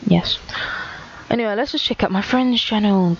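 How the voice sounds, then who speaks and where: A woman's voice: mid-range voice, moderate pace. A teenage girl talks through viewer comments with a sarcastic, self-mocking edge. Her voice sits in an ordinary middle register. The recording sounds dull and lo-fi, with a faint hiss underneath. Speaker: YouTuber. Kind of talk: casual commentary reading comments.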